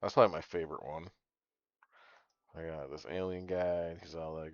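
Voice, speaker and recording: A man's voice: deep voice, fairly even intonation, brisk, long pauses, no echo. A man streaming a card game, chatting casually with his viewers in a rambling way and swearing freely. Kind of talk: casual gaming commentary. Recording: dull lo-fi stream audio with faint music.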